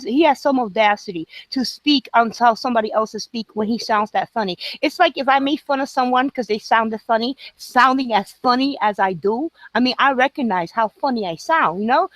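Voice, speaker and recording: A woman's voice: a little high, expressive, moderate pace, hardly any pauses, dry recording, rough recording. A woman in her fifties with a tongue-tied speech impediment, chatting emphatically and repeating words. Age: 50s. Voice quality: tongue-tied speech, slightly toothless sound. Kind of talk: casual chat.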